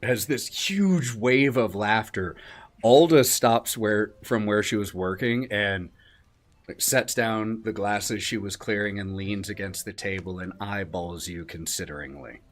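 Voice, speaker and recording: A man's voice: on the low side, measured pace. An easygoing man narrating as game master, laughing often.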